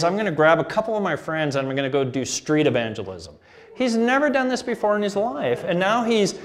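A middle-aged man preaching a sermon, telling a family story with laughter and acted-out dialogue. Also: high-pitched. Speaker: pastor.

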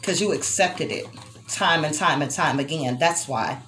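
A woman's voice: sits low, expressive, moderate pace, fairly bright tone, a little hiss or hum. A young adult woman giving an emotional tarot reading to her viewers, swearing freely and speaking tenderly to the listener. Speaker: tarot reader.

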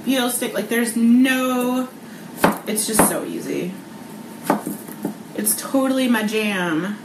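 A bubbly woman in her thirties chats her way through a live cooking stream in a home kitchen, slightly high-voiced and full of ums and likes. The room rings with echo, and steady background noise sits under her voice. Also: takes it slowly. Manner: chatty, bubbly, laughs often, lots of um and like. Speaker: cooking vlog host. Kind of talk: casual live cooking chat.

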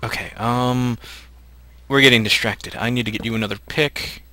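A man's voice: medium pitch, fairly even intonation, moderate pace, sharp tone. A man hosting a co-op survival game, chatting casually and teasing his partner while he plays and thinks aloud. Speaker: host playing a co-op survival game. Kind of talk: casual gameplay chat.

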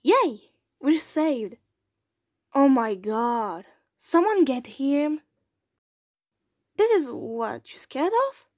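Woman, French accent, high voice, lively swooping pitch, slow careful delivery, dry close sound, audition takes. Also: no echo. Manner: retakes lines, breaks into giggles between takes. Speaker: fan voice auditioner. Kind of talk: reading voice audition lines.

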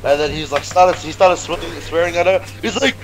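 A man's voice: on the high side, brisk, background noise. A young man in crude, casual chat with friends, swearing constantly and stammering as he repeats words. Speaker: co-host.

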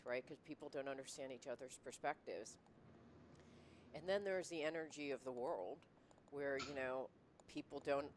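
A woman's voice: low-pitched, slight background noise. A woman hosting a casual conversation, reflective and rambling, often laughing and restarting her sentences. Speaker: podcast host.

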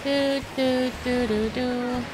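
A young woman with a high voice and an unhurried delivery, talking through a kart race live. She is excitable and chatty, laughing often between remarks. Loud game music plays behind her. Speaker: streamer. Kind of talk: live gameplay commentary.

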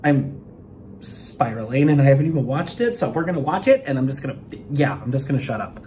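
A young man talking excitedly in a casual reaction vlog, stammering and fidgety, from a room while on a work trip, on a phone mic. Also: mid-range voice, brisk, slight background noise. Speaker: vlogger.

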